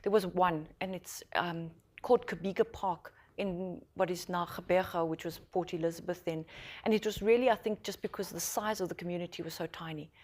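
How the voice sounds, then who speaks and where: A woman with a South African accent, a journalist and author speaking on a panel, telling a story in a lively, animated way with many restarts. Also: fairly low pitch, a little fast. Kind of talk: panel discussion anecdote.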